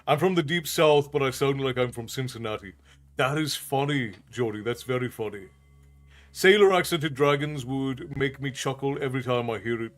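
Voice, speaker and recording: Chatty male streamer talking with viewers. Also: mid-range voice. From New York City. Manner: chatty, laughs often, reads chat aloud. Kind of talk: casual chat with viewers.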